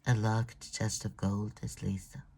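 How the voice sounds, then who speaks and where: A man narrating a first-person novel at a very slow, measured pace. His tone is dark and mellow. He sometimes halts and restarts phrases. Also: lowish voice, little pitch movement, vocal fry, breathy edge. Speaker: audiobook narrator. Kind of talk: scripted narration.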